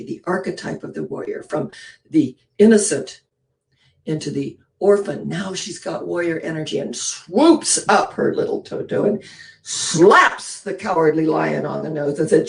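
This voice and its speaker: A woman minister giving a sermon, telling a story with lively rhetorical questions and sudden drops to a hushed, breathy near-whisper. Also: sits low, moderate pace.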